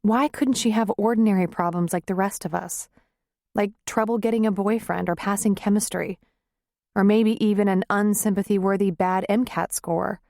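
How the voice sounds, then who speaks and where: A woman's voice: mid-range voice, fairly even intonation, moderate pace, creaky, darkish tone, no room sound, close to an everyday voice. Audiobook figure: worn-out young woman, weak and tearful, dry close sound, as a woman narrator voices her. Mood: bitter. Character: young woman, weary nurse.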